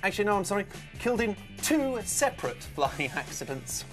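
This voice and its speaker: A man's voice: sits high, big pitch swings, brisk, fairly bright tone, soft background music. A young man presenting children's TV, joking playfully with his co-host. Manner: playful, mock phone calls in silly voices. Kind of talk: comic presenting banter.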